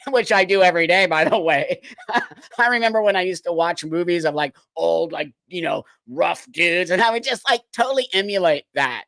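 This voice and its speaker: A man's voice: sits high, expressive, moderate pace, a bit bright, no echo. A man hosting a livestream, reacting to clips with incredulous, exasperated commentary and frequent laughter. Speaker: livestream host.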